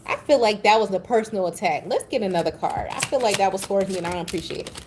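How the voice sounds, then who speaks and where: A woman reads tarot cards in a loose, casual way, cursing freely and wandering into playful tangents. Her voice sits at an ordinary middle pitch, with a faint hiss of background noise under it. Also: fast. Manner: blunt, profane, chatty and playful. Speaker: tarot reader.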